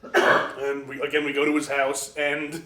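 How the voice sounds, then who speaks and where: A man with a fairly high voice tells a rowdy story in casual conversation, animating it with quoted voices and frequent laughter. The room adds a noticeable echo. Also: unhurried. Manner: animated anecdote teller, acts out quoted voices, laughs often. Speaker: interview guest.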